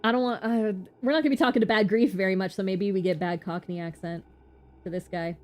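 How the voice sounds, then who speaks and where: A woman's voice: mid-range voice, quick pace. Brief: woman game streamer, chatty, jumps between thoughts. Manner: chatty, excitable, self-interrupting. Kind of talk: live game stream commentary.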